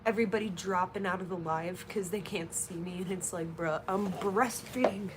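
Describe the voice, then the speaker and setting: A woman's voice: on the low side, fairly even intonation, a little fast. A young woman on a casual livestream, blunt and profane with her viewers, cooing in baby talk to her infant. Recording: noisy home livestream audio.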